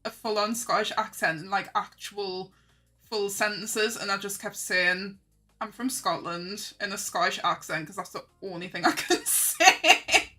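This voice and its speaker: A young woman talks casually on stream as she draws, bright and forthcoming. She is self-mocking and quick to laugh, answering her chat. Faint music plays underneath. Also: mid-range voice, expressive.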